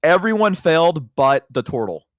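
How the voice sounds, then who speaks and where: A man guest on a chat stream, telling a long story in an animated, rambling way, acting out voices. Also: a little high, moderate pace, dry recording, clean studio sound. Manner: rambling, self-conscious asides.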